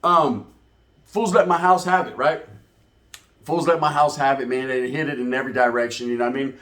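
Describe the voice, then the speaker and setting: A man telling a profane, slang-heavy street story in a comedic, animated way. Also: mid-range voice, a little fast.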